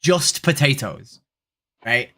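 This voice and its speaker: A woman's voice: rumbling low, sing-song, slow pace, pushed and bright. A woman, a vegan activist streaming a video chat, who argues pushily, swears freely, and keeps asking "right?". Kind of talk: casual video-chat debate.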